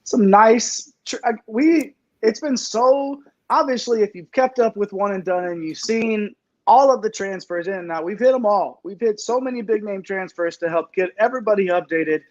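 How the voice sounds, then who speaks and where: A man with a high, bright voice hosts a casual sports talk show and speaks straight to his viewers. He is upbeat and chatty. The sound is dull and lo-fi. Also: moderate pace. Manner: upbeat, addresses live chat viewers. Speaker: podcast host.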